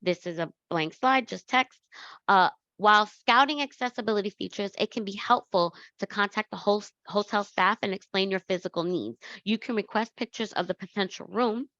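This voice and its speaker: A woman's voice: mid-range voice, moderate pace, fairly bright tone, no room sound, lo-fi sound. New woman presenting slides. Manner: conversational, with self-corrections. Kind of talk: slide presentation on accessible travel.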